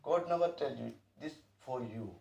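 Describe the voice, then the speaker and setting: Gravelly man teaching in broken English. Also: medium pitch, moderate pace, recorded from a distance. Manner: broken English, repetitive, animated bursts. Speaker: spiritual teacher. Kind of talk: informal spiritual talk. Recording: echoey room, voice off-mic.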